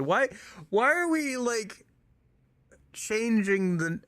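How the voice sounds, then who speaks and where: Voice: medium pitch, big pitch swings, takes it slowly, vocal fry, a bit bright, no echo. A let's-play streamer giving casual commentary on a game, chatty and exasperated, packing the talk with "like" as they pick apart the plot. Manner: heavy use of "like" filler.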